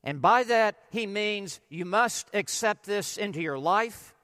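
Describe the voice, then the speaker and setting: A man preaching an expository sermon, emphatic and deliberate, asking rhetorical questions and stressing key words. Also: high voice, lively intonation, pushed and bright, big-room sound. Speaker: pastor.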